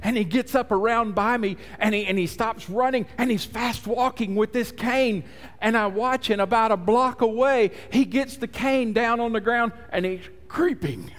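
A man's voice: very high-pitched, moderate pace, fairly bright tone, long reverb tail. A man preaching a sermon as pastor, telling stories and acting out the people he quotes. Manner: storytelling preacher, acts out quotes. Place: church sanctuary.

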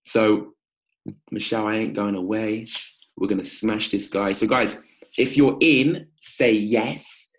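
A man with a slightly low voice hosts a live-stream coaching session. He is energetic and upbeat, calling viewers out by name and rallying them to sign up. He is heard through a simple streaming mic. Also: slow.

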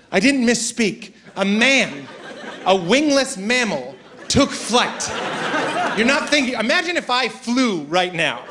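A male stand-up comedian performing a routine on stage, animated and mocking as he acts out characters. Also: high voice, very noisy. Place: comedy stage before an audience. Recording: live stage set with loud crowd laughter.

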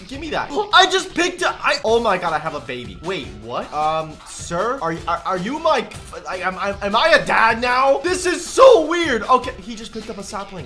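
A young man narrating his video game play with wild excitement, his voice sitting high and bouncing all over the place. The tone is bright and sharp, and faint music plays underneath. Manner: excitable, jumpy, often gasps and shouts in surprise. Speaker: gaming YouTuber. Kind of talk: excitable gameplay commentary.

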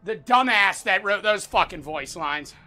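A young man streaming a boxing game, swearing constantly and ranting to his chat with excitable shouted outbursts. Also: sits high, measured pace. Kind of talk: gaming livestream commentary.

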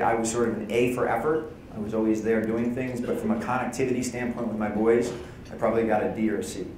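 A man's voice: lowish voice, a little mellow, a little hiss or hum. Candid man telling stories in an echoey hall. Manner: candid, conversational, acts out quoted lines. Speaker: CEO giving conference opening remarks. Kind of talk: personal keynote storytelling. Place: conference hall.

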